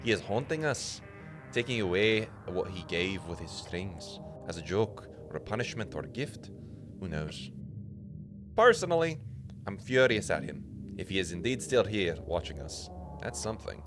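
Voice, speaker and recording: A man streaming a game, reading its text aloud slowly and dramatically, with casual asides. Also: low-pitched, big pitch swings. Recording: music playing underneath.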